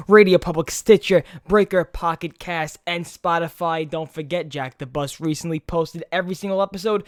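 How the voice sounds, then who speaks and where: A young man hosting a casual podcast, talking in an excitable, rambling way and swearing freely. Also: a little high. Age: young adult. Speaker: podcast host.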